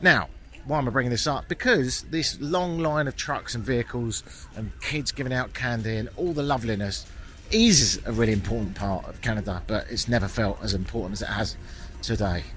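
Out in a small mountain town, a chatty British vlogger from Britain talks as he walks, wry and earnest with the odd swear word. Here his mid-range voice runs a little fast with a fairly bright tone.

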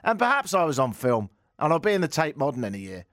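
A man's voice: fairly high pitch, big pitch swings, fast talker, a bit bright, dry recording, studio quality. A man telling a comic story, sardonic and given to ranting outbursts. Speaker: comedian. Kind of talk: stand-up anecdote.

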